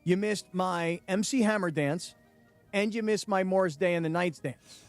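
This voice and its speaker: A man's voice: high-pitched, normal speed, faint music behind. A man hosting sports talk radio, playful and teasing, laughing often. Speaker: radio host.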